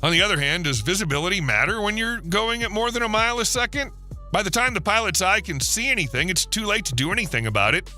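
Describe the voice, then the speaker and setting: Narrator, male, high and very bright voice, steady scripted read, faint music under. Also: fast. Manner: steady explanatory read with rhetorical questions. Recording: voice-over with faint music behind.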